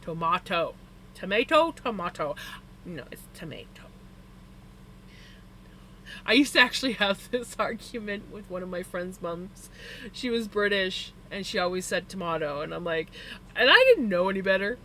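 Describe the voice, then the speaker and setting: Bright-voiced chatty streamer. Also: mid-range voice, moderate pace, slight background noise. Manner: chatty, rambling storytelling with frequent "like" fillers; emphatic about personal preferences. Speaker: live streamer. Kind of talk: casual chat to a live audience.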